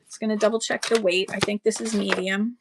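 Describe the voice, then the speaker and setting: A woman's voice: medium pitch, little pitch movement, fairly quick, background noise. A woman running a live-stream book sale, chatting casually with rambling asides and thanking buyers by name. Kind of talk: casual live-auction selling chat.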